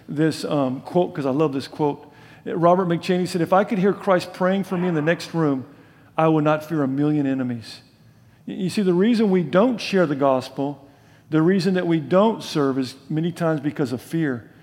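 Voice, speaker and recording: An older man preaching a sermon in a conversational way, asking his listeners questions and dropping from loud emphasis to soft, low asides. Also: normal speed, in a large hall. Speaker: pastor.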